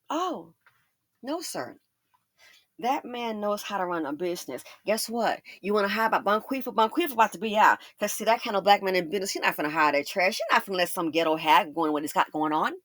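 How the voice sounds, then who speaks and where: A woman talks straight to her viewers in a casual commentary, recounting her own experiences at length. She swings her pitch up sharply whenever she imitates the people she quotes. The recording is dry and close, with no room sound. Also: dry recording. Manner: animated storytelling, acts out quoted voices with big pitch jumps. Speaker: commentary channel host.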